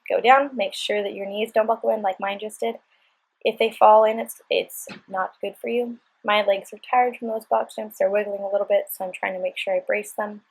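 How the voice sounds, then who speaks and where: A woman's voice: medium pitch, fairly even intonation, moderate pace, husky, low-quality recording. A woman giving upbeat, chatty, encouraging workout instructions as a voice-over. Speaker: fitness instructor.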